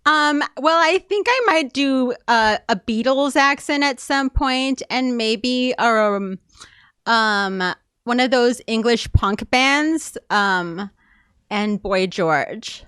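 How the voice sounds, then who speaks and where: Woman playing a smug, slow-talking divorcée. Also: a little high, fairly bright tone, clear, resonant tone, no echo, clean studio sound. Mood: self-assured. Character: newly divorced woman improv character, earnest and overconfident. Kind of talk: improvised comedy scene. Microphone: video call.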